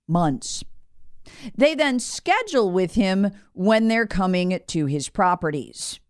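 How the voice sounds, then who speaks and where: A woman's voice: mid-range voice, clear, resonant tone, no echo. A woman host delivers opinionated political commentary with open sarcasm, her voice swinging widely up and down. She hammers each point with repeated reminders and a mocking edge. The sound is dry and close, with no room around it. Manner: slips into mock voices to ridicule officials. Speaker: political talk show host.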